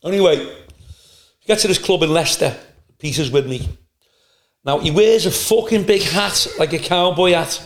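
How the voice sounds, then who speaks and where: A male stand-up comedian telling profane, animated anecdotes in a casual podcast chat. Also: a little high, normal speed, pauses often. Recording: roomy echo.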